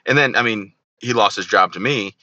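A man's voice: fairly low pitch, fairly quick, no room sound, lo-fi sound. A man in his thirties, an army veteran guest telling stories in a casual interview, joking and acting out the people he quotes. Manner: joking, animated storyteller who acts out quoted dialogue.

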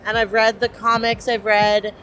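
Chatty young woman, slightly high voice. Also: level tone, moderate pace, fairly bright tone, a little hiss or hum. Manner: chatty, enthusiastic, many fillers. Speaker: cosplayer guest. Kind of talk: casual interview at a convention.

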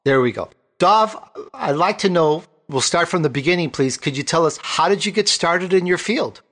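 A man's voice: fairly high pitch, lively intonation, normal speed, a bit bright. A man hosting a talk show, introducing guests with enthusiasm. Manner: enthusiastic, exclaiming. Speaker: host. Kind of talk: upbeat podcast hosting.

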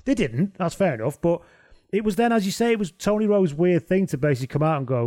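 A man's voice: sits high, animated, fast, a little mellow, no room sound. Sarcastic man on a podcast. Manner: sarcastic, reads listener messages aloud. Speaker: podcast co-host. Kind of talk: casual sweary podcast chat.

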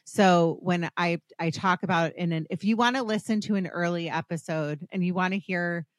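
A woman's voice: lowish voice, normal speed, no room sound, clean studio sound. A woman hosting a podcast interview, talking in an earnest, gushing, rambling way with many restarts. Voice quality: earnest, gushing, gets emotional. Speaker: podcast host. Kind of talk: casual interview chat.

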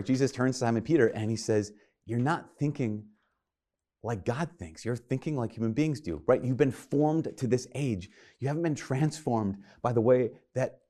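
A man's voice: mid-range voice, a little mellow. Earnest conversational male preacher. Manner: earnest, conversational, retells scripture in quoted voices. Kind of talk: sermon.

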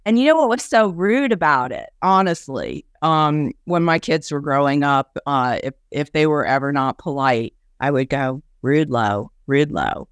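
Lively sixty-year-old woman telling stories. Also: deep voice, moderate pace, hardly any pauses, clean tone, no echo, studio quality. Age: 60s. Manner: lively, acts out the people she quotes. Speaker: guest speaker and ministry leader. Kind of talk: conversational storytelling.

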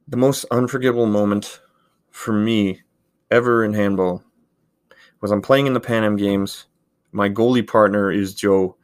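A man in his thirties who hosts a podcast, telling a story in a casual, rambling way with lots of filler words. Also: fairly low pitch. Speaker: podcast host, handball goalkeeper.

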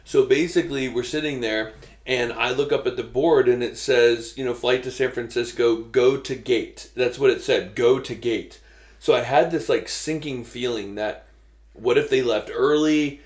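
A man chatting casually and spinning an animated travel anecdote. He slips into quick impressions of the people in it. The room rings a little around his voice. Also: medium pitch. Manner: animated storyteller, quotes people. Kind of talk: casual chat. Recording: roomy echo.

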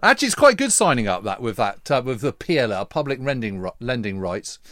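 A man's voice: medium pitch, very animated, a little fast, fairly bright tone, dry recording, clean studio sound. A man co-hosting a history podcast, chatting in an earnest, easygoing way. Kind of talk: casual chat.

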